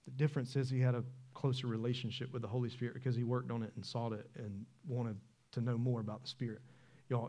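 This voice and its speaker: A man, preaching a sermon in a church, animated and conversational, asking the congregation questions. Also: medium pitch. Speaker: pastor. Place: church sanctuary.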